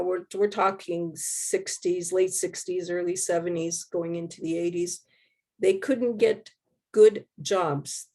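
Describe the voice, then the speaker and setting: An older woman from Quebec, slightly hoarse and losing her voice, answering interview questions on a video call in a thoughtful, rambling way with restarts. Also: on the low side, darkish tone. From Quebec, Canada.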